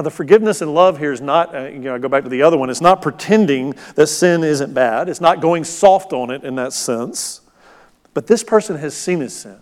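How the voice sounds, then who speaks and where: A middle-aged man preaching a sermon as pastor, conversational and storytelling. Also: fairly high pitch. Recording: long hall reverb.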